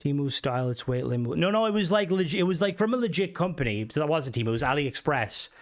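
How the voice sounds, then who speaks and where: A man's voice: on the high side, expressive, fast. A young man hosting a casual live stream, rambling through stories and swearing often into a desk mic. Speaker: livestream host.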